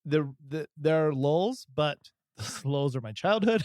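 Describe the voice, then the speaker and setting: A man's voice: on the high side, animated, a little slow, darkish tone, dry recording, studio quality. A man co-hosting a casual podcast, rambling with many fillers and restarts as he thinks aloud. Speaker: podcast co-host. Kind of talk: casual chat.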